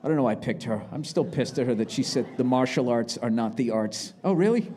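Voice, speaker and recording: A man doing live stand-up, ranting sarcastically and profanely, with shouted bursts, on a handheld mic before a big crowd. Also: mid-range voice, expressive, fairly quick, few pauses. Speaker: stand-up comedian. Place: large live venue with audience. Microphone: handheld microphone.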